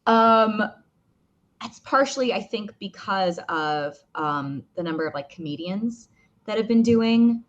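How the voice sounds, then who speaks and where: A woman voice actor talking casually in an interview, chatty with many fillers and restarts, with a slightly rough morning voice. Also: mid-range voice, expressive, a little slow, highs cut off. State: morning voice, clearing throat. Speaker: voice actor guest.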